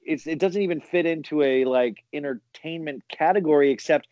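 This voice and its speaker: A man guesting on a podcast, talking casually in halting bursts with many restarts. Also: on the high side, darkish tone, no echo, muffled recording.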